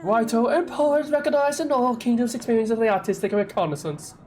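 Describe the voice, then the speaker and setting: A game streamer voicing a flamboyant, self-important male poet, reading game dialogue in a grandiose, drawn-out theatrical style. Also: medium pitch, darkish tone, voice pushed up, close to an everyday voice.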